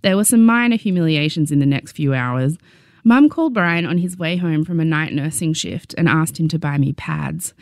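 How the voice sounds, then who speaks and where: A young adult woman with an Australian accent narrating her memoir with wry, deadpan humor. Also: deep voice, moderate pace, no echo, clean studio sound.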